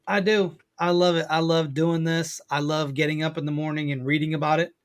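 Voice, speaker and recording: A man's voice: a little high, fairly even intonation, brisk. A man talking as a guest on a podcast in casual chat, enthusiastic and repeating himself.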